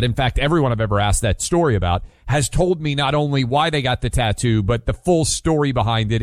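A man hosts a call-in radio show in a mid-range voice. He questions callers in a lively, teasing way. His studio sound is dry and close. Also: mid-range voice, no room sound. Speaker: radio talk show host. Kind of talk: talk radio chat with callers.

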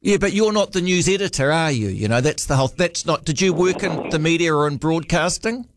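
A man's voice: on the high side, animated, brisk, background noise. A middle-aged man with a New Zealand accent hosting radio talkback, teasing a caller and talking over him. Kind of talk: casual talkback chat.

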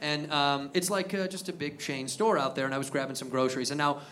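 A man doing a stand-up comedy set, telling an animated story that builds to shouted punchlines. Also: on the high side, quick pace, a little hiss or hum. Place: comedy venue stage. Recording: live club set, crowd laughter. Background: audience laughing.

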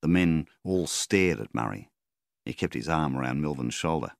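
A very deep, gravelly Australian man narrates a rural story in steady storybook fashion. His delivery rises and falls with lively intonation, and the recording is close and dry. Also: moderate pace, dry recording. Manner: steady storyteller, voices the characters. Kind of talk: audiobook narration.

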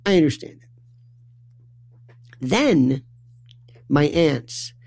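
Animated, gravelly man telling rambling stories. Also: drawn-out words. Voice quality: animated, acts out quoted voices with big pitch jumps. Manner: repeats words in bursts, stammering restarts. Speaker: storyteller. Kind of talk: rambling comic monologue.

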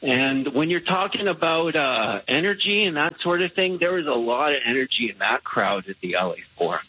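A man's voice: on the high side, big pitch swings, normal speed, bright, forceful tone, husky, dry recording. A man calling in to a sports radio show, rambling a little as he talks. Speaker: caller. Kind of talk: phoned-in radio chat. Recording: slightly muffled radio line.

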